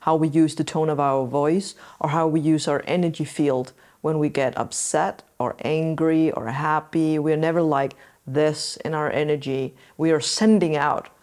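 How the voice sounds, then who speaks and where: Low-voiced woman explaining earnestly. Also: steady tone, measured pace, darkish tone. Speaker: podcast host. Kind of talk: casual talk to listeners.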